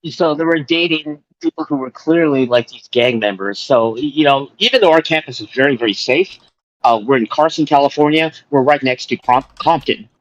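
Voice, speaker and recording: A man's voice: mid-range voice, fairly quick, no echo, lo-fi sound. A man telling stories in casual chat on a live stream, rambling with lots of fillers. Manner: rambling storytelling with many fillers.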